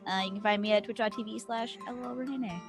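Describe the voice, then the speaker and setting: A woman's voice: medium pitch, fairly even intonation, fast talker, creaky, music in the background. A woman, a player in the game, chatting offhandedly. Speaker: player, streamer. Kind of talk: casual chat.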